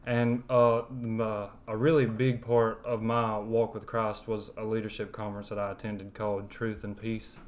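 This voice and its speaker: Earnest young Alabama man on a podcast, low-pitched, monotone, thick Southern drawl. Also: normal speed, hardly any pauses. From West Alabama. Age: young adult. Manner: earnest, rambling with fillers. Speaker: podcast guest. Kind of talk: sharing a personal testimony.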